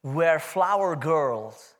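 A man with an Indian accent giving a humorous, animated testimony sermon to a church congregation. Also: a little high, drawn-out words. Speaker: guest speaker giving testimony.

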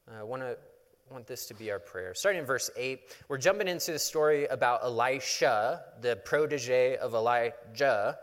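A man's voice: medium pitch, a bit bright. A male pastor preaching a sermon, retelling a Bible story in a casual, conversational way with touches of humor. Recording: long hall reverb.

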